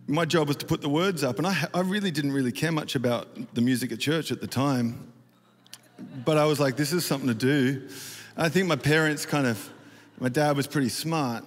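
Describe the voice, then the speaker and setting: A man giving a casual, rambling talk at a church conference, full of fillers and self-deprecating asides. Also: mid-range voice. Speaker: worship leader speaking at a conference. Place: large auditorium stage. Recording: reverberant hall, faint ambience.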